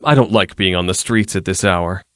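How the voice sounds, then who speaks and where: A man's voice: low voice, normal speed, fairly bright tone, no echo, clean studio sound. A man reading an audiobook, voicing a foppish young nobleman with a lazy, teasing drawl.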